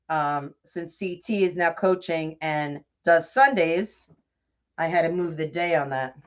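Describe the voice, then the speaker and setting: A middle-aged woman hosting a craft livestream, chatting casually, greeting viewers by name and laughing often. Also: mid-range voice. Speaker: livestream host of a bow-making craft show. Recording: dull lo-fi livestream audio.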